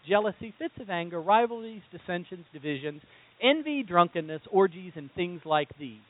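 A man preaching a sermon as pastor, animated and throwing rhetorical questions at his congregation. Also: a little high. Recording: tinny phone-like sound.

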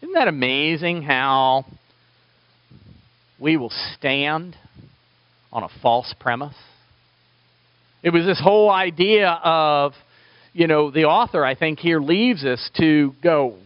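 Animated male pastor preaching. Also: fairly high pitch, slow pace, pauses often, no room sound. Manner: animated preaching with rhetorical questions. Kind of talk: sermon. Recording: dull lo-fi dry recording.

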